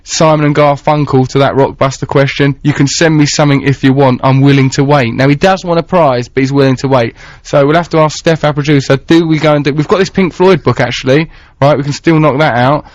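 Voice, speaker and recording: A man's voice: on the high side, fairly even intonation, a little fast, hardly any pauses, no room sound. A man hosting a radio show, rambling playfully in casual chat and reading out listener texts. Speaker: radio host. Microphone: studio microphone. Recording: dull lo-fi radio broadcast.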